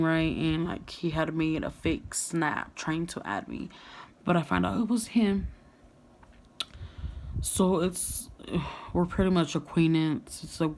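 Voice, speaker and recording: A young woman vlogger telling a candid storytime, frank and full of swearing and "like". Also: sits low. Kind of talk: casual storytime monologue.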